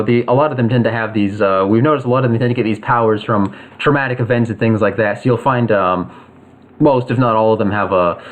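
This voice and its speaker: A man voicing a businesslike agency director who talks haltingly with many fillers. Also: fairly low pitch, close to an everyday voice. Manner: hesitant, full of fillers. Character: businesslike middle-aged male agency director.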